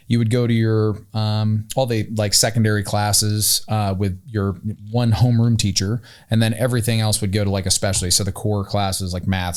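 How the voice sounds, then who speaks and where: A man from Pennsylvania, a guest on a podcast, telling stories from his life in a casual, animated way with plenty of "um" and "uh.". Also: fairly low pitch, smooth. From Pennsylvania, USA. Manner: animated anecdotes, acting out quoted voices with "um" and "uh" fillers. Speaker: podcast guest, company founder. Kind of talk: casual storytelling.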